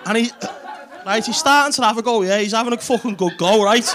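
A man's voice: high-pitched, a little fast. A man performing a stand-up comedy set on a club stage, telling a crude story full of swearing and ribbing the audience. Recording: loud club crowd laughing.

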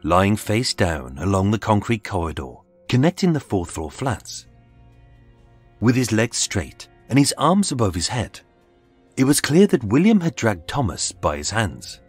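Husky, low-voiced male true-crime narrator; dramatic, lively pitch, measured scripted delivery. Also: no room sound. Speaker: podcast narrator. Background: faint music.

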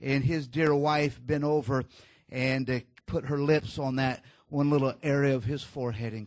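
A man preaching a sermon, telling a story in a low, hushed voice at the tender moments and rising louder when he exhorts, with many fillers and restarts. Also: fairly even intonation, normal speed, no room sound.

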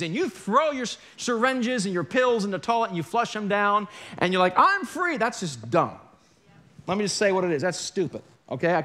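High-voiced joking male pastor. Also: fairly bright tone. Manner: conversational and joking, with wry asides to the congregation. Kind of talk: sermon. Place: church sanctuary.

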